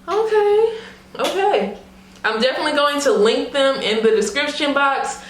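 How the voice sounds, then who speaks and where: A young woman unboxing a wig for her vlog, excited and laughing, talking casually with lots of slang and fillers. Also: high voice, normal speed. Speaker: beauty vlogger. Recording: roomy echo.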